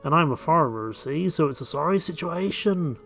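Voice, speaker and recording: A man voicing a foreign village farmer who has lost his livestock, with a deliberately clumsy put-on accent. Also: fairly high pitch, animated, creaky, fairly bright tone, faint music behind, pitched above the performer's own voice. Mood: pleading. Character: struggling foreign farmer, male, pleading.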